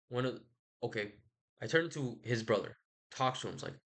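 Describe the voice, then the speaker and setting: A man's voice: mid-range voice, expressive, fairly quick, pauses often, fairly bright tone. A man giving a casual, rambling book recap in a loose, slangy, profane way, full of jokey asides. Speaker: book vlogger.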